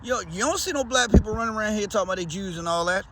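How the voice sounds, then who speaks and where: A man's voice: high-pitched, expressive, racing, background noise. A man with a Baltimore accent, talking in a loose, slangy, rambling way as a vlogger. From Baltimore, USA. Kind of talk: casual rambling chat.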